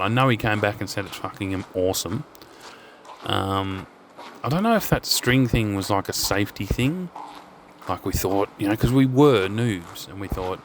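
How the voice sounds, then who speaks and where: A man's voice: sits low, fairly bright tone, a little hiss or hum. An Australian man telling rambling, swear-laden stories while walking through a storm drain. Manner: rambling, swears freely, sidetracks. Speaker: urban explorer and channel host. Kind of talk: casual storytelling while walking.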